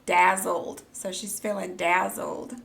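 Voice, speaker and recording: A young woman live-streaming, chatting casually and reacting excitedly, gasping and squealing, then muttering quietly to herself. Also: fairly low pitch, takes it slowly, gravelly.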